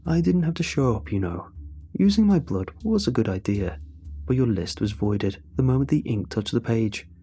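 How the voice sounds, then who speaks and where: A man's voice: medium pitch, animated, normal speed, dark tone, slightly rough. A man voicing a smug, cruel middle-aged male witch who mocks his captives. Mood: gloating. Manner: mocking, theatrical, gloating.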